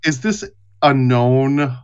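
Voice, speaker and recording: A man narrating as game master of a tabletop game, halting with frequent restarts. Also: mid-range voice, expressive, darkish tone, clear, resonant tone. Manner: halting, many restarts and fillers. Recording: dull lo-fi audio.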